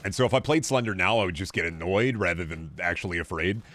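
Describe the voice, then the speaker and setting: Low-voiced young man streaming a game. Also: fast talker, a bit bright. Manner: rambling, profane, chatting with viewers while playing. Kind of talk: casual gameplay commentary.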